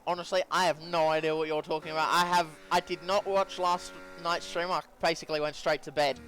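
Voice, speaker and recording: A man's voice: fairly high pitch, level tone, brisk, a bit bright, a little hiss or hum. A man co-commentating a sim racing session, easygoing, laughing along and reading out the timings. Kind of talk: live esports co-commentary.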